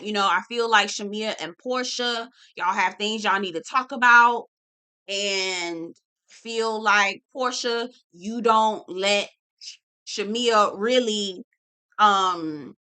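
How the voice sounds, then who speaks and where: Sassy, bright-voiced woman recapping reality TV. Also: on the high side, smooth. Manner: sassy, profane, animated storytelling. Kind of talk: casual episode recap.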